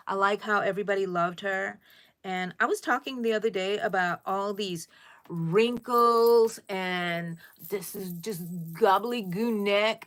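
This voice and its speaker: With a medium-pitched, fairly bright voice, a middle-aged woman runs a casual crochet livestream. She chats with her viewers, replies to their comments and often refers to them as "people."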